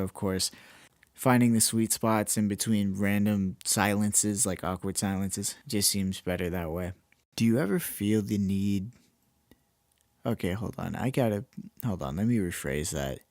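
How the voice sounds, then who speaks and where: A man's voice: low voice, no room sound, clean studio sound. A young man hosting a solo podcast, rambling casually and self-deprecatingly with plenty of swearing. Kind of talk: casual late-night ramble.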